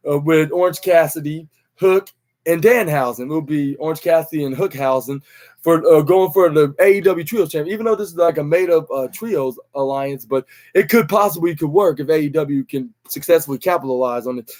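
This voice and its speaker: Young male podcast host, slightly high voice, loose rambling recap delivery with lots of fillers. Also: brisk, darkish tone. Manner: rambling, many fillers and restarts, acts out quotes. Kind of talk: casual wrestling recap.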